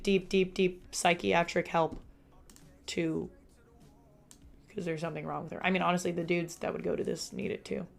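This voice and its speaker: Chatty monotone woman streamer. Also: on the low side, gravelly. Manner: chatty, reads out and answers chat. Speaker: live streamer. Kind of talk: casual live-stream chat. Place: room at home.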